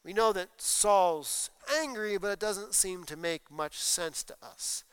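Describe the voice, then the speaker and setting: A man's voice: high-pitched, takes it slowly, fairly bright tone, smooth, dry recording. A man preaching a sermon, explaining scripture and reading passages aloud with emphasis. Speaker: pastor.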